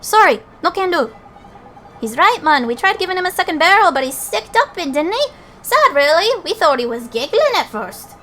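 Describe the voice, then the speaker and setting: Woman doing loud squabbling Welsh fairy comics. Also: very high voice, big pitch swings, normal speed, slight background noise, pitched above the performer's own voice, full character voice. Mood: gloomy. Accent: put-on Welsh. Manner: loud, indignant, bickering. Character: squabbling pair of male fairy comedians.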